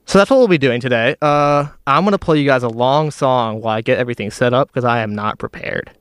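Young man, college radio host, loose joking chat, dry close studio sound, mid-pitched voice. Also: fast talker, clean tone, dry recording. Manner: joking, loose, self-deprecating. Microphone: studio mic.

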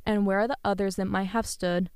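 A woman's voice: medium pitch, fairly even intonation, a little fast, darkish tone, clean tone, no room sound, studio quality, natural voice. A woman reading as a sly, smug hangman. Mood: smug menace. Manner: smug, amiably menacing. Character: sly, cruel male hangman, mocking and calm.

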